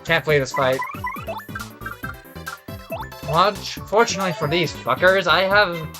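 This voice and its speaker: A man's voice: fairly high pitch, unhurried. Man, exhausted, worn voice, casual gameplay commentary, rambling, swears, faint game music. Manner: rambling, swears, self-correcting. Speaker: let's play commentator.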